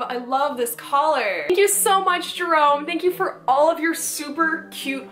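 A woman vlogger opening fan mail at home, gushing and excitable, swearing casually, recorded with roomy echo. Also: high-pitched. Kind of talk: casual chat.

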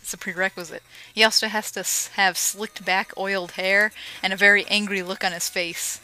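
A woman giving casual, joking commentary over a retro game she is playing, with sarcastic asides and excited yelps. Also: medium pitch, normal speed, rough recording. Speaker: let's play commentator. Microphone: home microphone.

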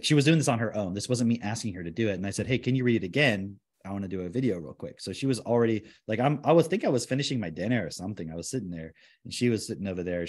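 A man hosting a podcast in casual chat, talking animatedly and acting out the voices of people he quotes. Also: on the low side. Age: young adult or middle-aged, father of a four-year-old. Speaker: podcast host.

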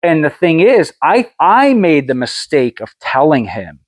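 A man talking as a podcast guest, frank and blunt as he tells his story. His voice sits a little high and moves around a lot in pitch, and it is recorded dry and close with no room sound. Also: sing-song, a little slow, husky, dry recording. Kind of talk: casual conversation.

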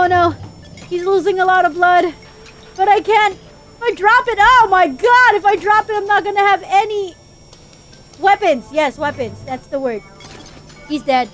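Young woman gamer, super high voice, freaks out and yells a lot, faint music behind. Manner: frantic, exclaiming, panicky and giggly. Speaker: let's play gamer. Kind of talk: gameplay commentary.

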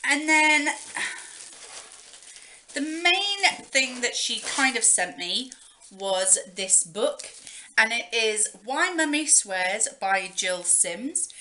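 Slow, bright-voiced woman vlogging. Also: on the high side, big pitch swings. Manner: chatty and rambling, with many pauses and fillers. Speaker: beauty vlogger. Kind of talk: casual show-and-tell chat.

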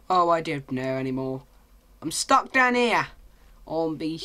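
A British man commentating his own video game play, rambling and hesitant, breaking into excited yelps. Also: fairly high pitch, a little slow. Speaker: gaming channel host.

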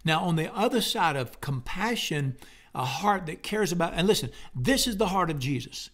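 A middle-aged man preaching a sermon in a fervent, folksy style, breaking into loud exclamations. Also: fairly high pitch, lively intonation, moderate pace. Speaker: pastor.

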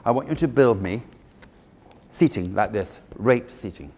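A man voicing a grand, imperious German woman of seventy-seven with a put-on German accent, speaking in a haughty, deliberate way. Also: lowish voice, animated, darkish tone, husky, in a large hall, exaggerated voice.

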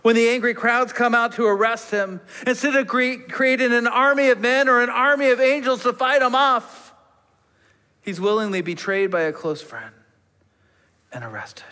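A man preaching a sermon with emphatic rises that drop to a hushed near-whisper on key words. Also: very high-pitched, moderate pace. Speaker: pastor. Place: church sanctuary. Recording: long church reverb.

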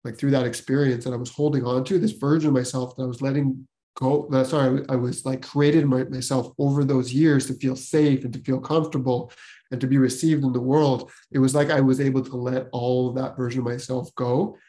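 A man's voice: medium pitch, level tone, a little fast, dark tone. A man hosting a podcast, telling his personal story casually, rambling and full of filler words. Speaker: podcast host.

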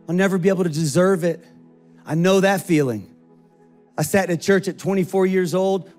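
Animated high-voiced man preaching. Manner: animated, acts out quoted voices. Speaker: pastor. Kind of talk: sermon.

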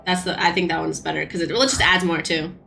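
A woman streaming a game, chatting casually with quick, joking, swearing back-and-forth, with faint game music behind. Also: fairly low pitch, steady tone, vocal fry, bright, forceful tone. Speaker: streamer playing a game with a friend. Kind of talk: casual gaming chat.

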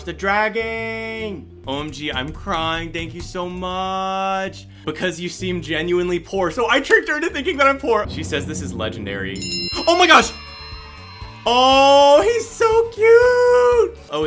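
A man hosting a gaming channel, giving excited gameplay commentary, squealing and gasping as he talks to his viewers. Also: a little high. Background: background music.

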